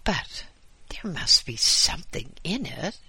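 A man voicing a rotund, fussy, excitable man who talks in a squeaky, agitated way. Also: slow, breathy edge, dry recording, heavily acted.

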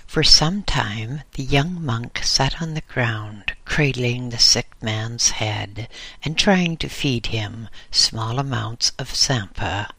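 A man reading an audiobook aloud in a slow, deliberate way. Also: medium pitch, pushed and bright, no room sound. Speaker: audiobook reader. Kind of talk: audiobook narration.

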